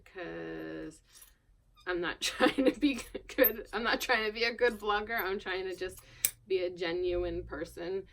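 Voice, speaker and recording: A woman from Long Island with no accent, chatting casually and self-deprecatingly to camera while she works, often dropping to a murmur. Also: on the low side. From Long Island, New York. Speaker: vlogger. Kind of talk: rambling casual chat while working. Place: indoors at her worktable.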